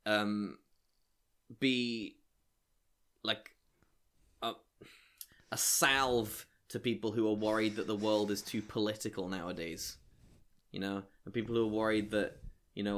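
A man's voice: lowish voice, fairly bright tone. A man co-hosting a comedy review podcast, talking in a dry, meandering, dismissive way. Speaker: podcast co-host. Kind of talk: casual review chat.

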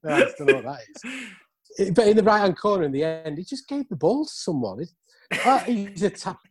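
A man in a casual post-match football chat, animated and quick to laugh, often stammering over his words. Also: high-pitched, crowd noise. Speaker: football podcast co-host.

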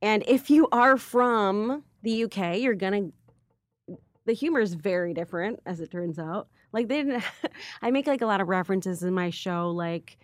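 A woman comedian rambles through her stories with lots of filler words. Her pitch sits in the middle of the range. She is recorded close on a dry studio mic. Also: normal speed, no echo. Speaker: stand-up comedian guest. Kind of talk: casual podcast chat.

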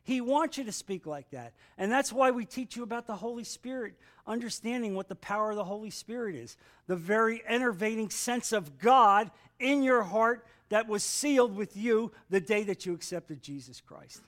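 A man's voice: sits high, expressive, moderate pace, hardly any pauses, fairly bright tone. A man teaching a Bible class in an earnest sermon style, repeating phrases and calling for amens.

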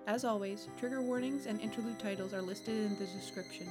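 A woman hosts a podcast and reads a scripted closing note. She speaks in a measured, earnest way at a medium pitch. Loud music plays under her voice. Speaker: podcast host. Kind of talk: scripted announcement.

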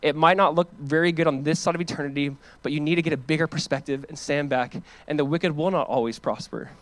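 A man's voice: a little high, steady tone, quick pace, fairly bright tone, dry recording. A man preaching a sermon as pastor, earnest and emphatic, mixing scripture with casual asides.

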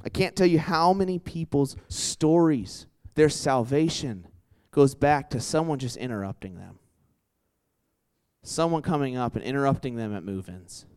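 A young man preaching in a loose, conversational way, full of "like"s and quick restarts. His voice is clean and resonant at a middle pitch. He slips in and out of other people's voices when he tells a story. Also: animated, darkish tone, clear, resonant tone. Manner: conversational, lots of "like" and restarts, acts out quotes. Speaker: campus ministry preacher. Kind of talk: casual sermon with anecdotes.

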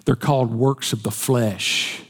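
A man's voice: medium pitch, steady tone, a little slow, breathy edge. A man preaching a sermon in a folksy storytelling way, with jokes. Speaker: pastor. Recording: long hall reverb.

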